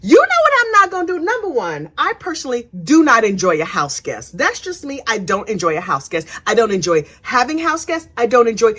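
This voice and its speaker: Woman, true crime host, casual storytelling, sassy, slangy, high voice, animated delivery. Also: brisk, hardly any pauses, breathy edge. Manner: sassy, gossipy, slangy asides.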